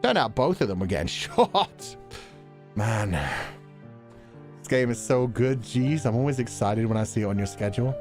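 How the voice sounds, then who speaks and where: A man chatting casually with viewers after a game stream, laughing often, thinking out loud and swearing now and then. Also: mid-range voice, lively intonation, normal speed, long pauses. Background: faint background music.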